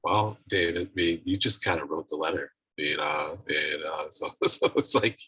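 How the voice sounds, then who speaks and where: A man chairing a virtual meeting on a video call, talking in a halting way with many restarts and fillers. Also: sits low, lively intonation, pushed and bright, husky, dry recording, rough recording. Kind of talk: casual virtual meeting talk. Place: home office on a video call.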